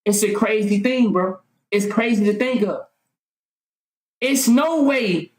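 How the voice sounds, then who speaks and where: A woman vlogger delivering a fervent monologue full of rhetorical questions, at times yelling and swearing freely. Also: mid-range voice, slow. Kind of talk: impassioned monologue. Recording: roomy echo.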